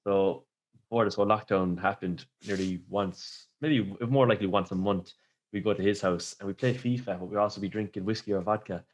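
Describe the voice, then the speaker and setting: A man's voice: lowish voice, steady tone, a little fast. A man hosting a podcast, telling rambling stories in casual chat and laughing often. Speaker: podcast host.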